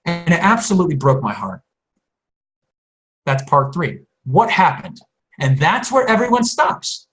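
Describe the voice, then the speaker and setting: Energetic man coaching on a group call. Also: a little high, unhurried, long pauses, poor audio. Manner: energetic, acts out sample posts and quotes. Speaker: business coach. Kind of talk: conference call teaching.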